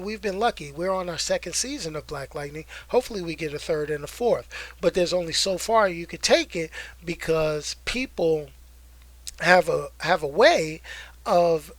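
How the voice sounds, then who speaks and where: Male stream host, young adult, high voice, animated slangy delivery, dry close sound. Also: dry recording. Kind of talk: casual live-stream chat.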